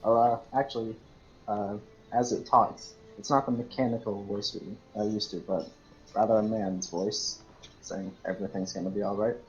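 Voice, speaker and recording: A man narrating as game master of a tabletop game, halting and full of fillers. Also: fairly low pitch, fairly even intonation, lo-fi sound, a little hiss or hum.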